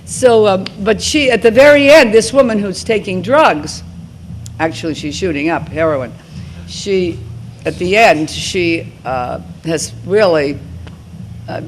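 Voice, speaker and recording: A woman in her seventies speaking to high school students as a guest, talking informally and rambling with frequent restarts. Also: a little slow, slight background noise. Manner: rambling, restarts mid-thought. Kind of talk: informal talk and Q&A.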